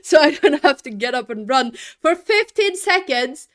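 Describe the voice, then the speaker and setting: A woman's voice: sits high, lively intonation, normal speed. A young adult woman streaming live, chatting casually with her viewers, laughing often and reacting to chat.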